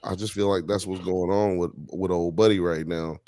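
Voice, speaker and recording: A man co-hosting a casual live podcast, talking in animated, slangy style and firing off rhetorical questions. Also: sits low, normal speed, no echo, studio quality. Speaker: podcast co-host. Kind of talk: casual chat on a live stream.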